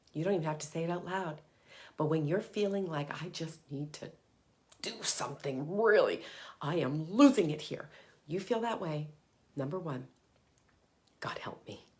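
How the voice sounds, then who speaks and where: A woman's voice: fairly low pitch, a little mellow. A middle-aged woman hosting a live motivational talk for moms, earnest and emphatic, sometimes dropping to a whisper for short mantras. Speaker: parenting coach and host.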